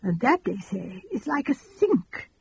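A woman reading an audiobook, voicing a gentle, fussy elderly spinster who talks in a chatty, earnest, rambling, old-fashioned way. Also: mid-range voice, big pitch swings, a little slow, creaky, husky, dry recording, voice pushed down, exaggerated voice, low-quality recording.

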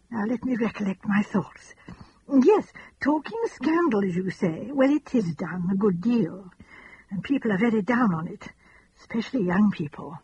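A gentle, fussy elderly spinster, as a woman reader puts her on, chatting on in an earnest, rambling, old-fashioned way. The voice sits fairly high and is very husky and breathy. The recording is a little dull and lo-fi. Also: dry recording. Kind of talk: audiobook reading.

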